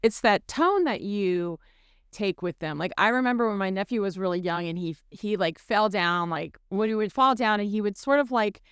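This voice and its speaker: A woman co-hosting a Christian podcast, chatting warmly and telling stories while acting out the voices she quotes. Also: mid-range voice, normal speed, clean tone, no echo, clean studio sound. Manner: animated storyteller, acts out quoted voices. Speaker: podcast co-host. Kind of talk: casual faith podcast chat.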